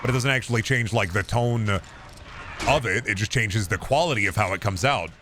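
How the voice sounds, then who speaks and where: A man in his thirties with a deep voice, chatting casually on a stream into a boom mic, rambling with many restarts and casual swearing. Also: a little fast, noisy background. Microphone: boom microphone with compressor and EQ.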